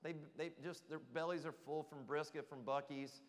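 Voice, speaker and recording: A man preaching a sermon in a church, animated and asking the congregation questions directly. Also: a little high, normal speed. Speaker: pastor. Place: church sanctuary. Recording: reverberant church hall.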